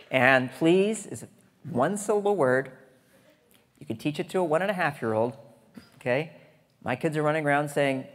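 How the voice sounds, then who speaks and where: Gravelly man joking on a stage. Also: mid-range voice. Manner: chatty and joking, with asides to the audience. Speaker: conference speaker. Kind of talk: humorous conference talk. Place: large lecture hall stage. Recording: hall reverb on a stage talk.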